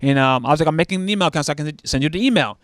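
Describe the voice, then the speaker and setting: Man, slightly high voice, slangy casual storyteller, dry close sound. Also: rapid-fire, no room sound. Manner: animated, acts out the scammer's lines in a raised voice; slangy, many fillers.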